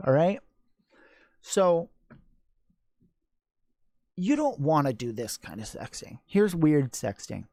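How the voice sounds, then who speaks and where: A man's voice: fairly high pitch, big pitch swings, a little slow, gravelly, pauses often, darkish tone, no room sound, clean studio sound. A man hosting a casual live-stream Q&A on sex education, blunt and joking crudely.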